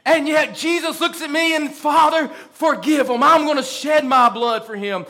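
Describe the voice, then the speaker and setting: A man preaching a fervent sermon in a church, rising to shouts and drawing out quoted lines. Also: extremely high pitch, moderate pace, hardly any pauses. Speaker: pastor.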